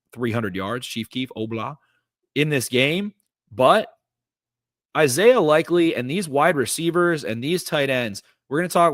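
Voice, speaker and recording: A man talks through football plays with eager energy and plenty of "uh"s. His voice sits at an ordinary middle pitch. The studio recording is dry and close. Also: no room sound. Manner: energetic, recaps plays with lots of fillers. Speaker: podcast host. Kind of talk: casual football breakdown.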